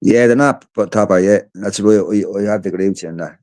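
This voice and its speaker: Irish man, deep low voice, mellow tone, tired, rambling, swears a lot, casual livestream chat. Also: brisk. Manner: rambling and profane.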